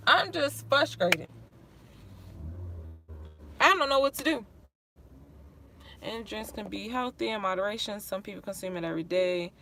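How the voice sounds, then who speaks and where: Woman venting on a livestream, frustrated, rambling, profane, bright tense tone, near tears. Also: medium pitch. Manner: frustrated, rambling, swears often. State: close to tears. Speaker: caregiver for her father. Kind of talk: livestream vent, reading chat.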